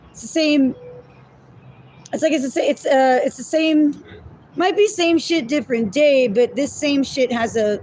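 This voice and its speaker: A woman with a darkish-toned voice on the high side gives a casual tarot reading to her viewers. She's chatty, thinks aloud, laughs at herself, and calls her audience "y'all" and "my loves." The recording is low quality, with a little hiss or hum.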